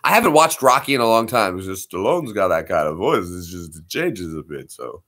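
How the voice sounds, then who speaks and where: A man's voice: low-pitched, sing-song, fairly quick, fairly bright tone. A man streaming live, chatting casually and laughing often between impressions. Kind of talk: casual livestream chat.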